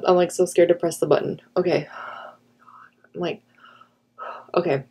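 A young woman vlogging a music reaction, gushing and excitable like an eager fan. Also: lowish voice, moderate pace, vocal fry, pauses often, slightly rough. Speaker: reaction youtuber. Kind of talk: casual reaction vlog.

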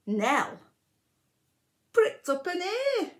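At a library storytime, a woman with a high voice reads a rhyming picture book to children at a slow pace. She is very expressive and occasionally whispers an aside.

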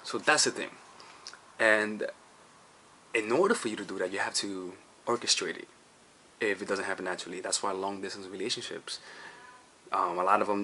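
A man's voice: fairly low pitch, pushed and bright, a little hiss or hum. A man giving casual dating advice as a coach, rambling with many restarts and checking in with "all right?" and "you see".

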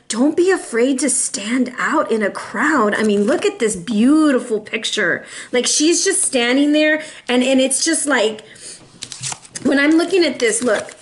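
A woman giving a casual tarot reading to viewers, chatty and animated, calling her audience y'all and slipping in a few Spanish words. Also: a little high. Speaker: tarot reader.

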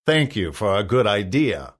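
A man reading a storybook plays a cruel, scheming nobleman. The manner is cold and mocking, a touch louder than the reader's narration. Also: on the low side, big pitch swings, a little slow.

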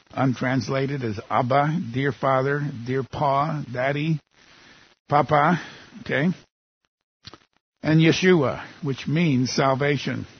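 Husky older man preaching earnestly. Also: mid-range voice, lo-fi sound. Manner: earnest, warm pastoral delivery with rhetorical questions. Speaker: pastor. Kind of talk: sermon with opening prayer.

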